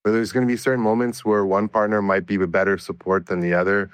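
A researcher guest, male and low-pitched, answers questions in a steady, explanatory manner, often beginning sentences again. His delivery is flat, and the close, dry recording carries no echo or sense of a room.

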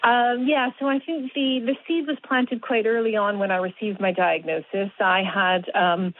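A woman's voice: medium pitch, steady tone. Woman speaking over a tinny phone line. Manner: measured, reflective explanations. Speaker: guest, doctor and mountaineer. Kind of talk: radio interview over the phone.

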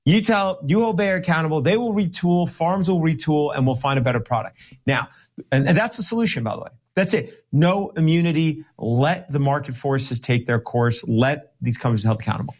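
A man, a lawyer and guest, talking emphatically in an interview, slowing down to stress his points, sometimes sarcastic. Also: on the high side, darkish tone. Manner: sarcastic at times. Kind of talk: podcast interview talk.

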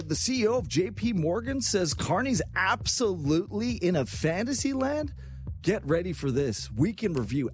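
A man hosting a radio talk show, talking in an energetic, rambling way. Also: sits high. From Canada. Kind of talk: fast casual radio talk.

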